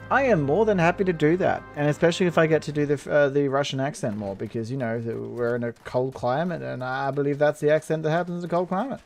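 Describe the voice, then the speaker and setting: A man giving casual, rambling gameplay commentary, excitable and laughing often as he plays. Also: a little high, quick pace, creaky, hardly any pauses, faint music behind. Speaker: gameplay video host.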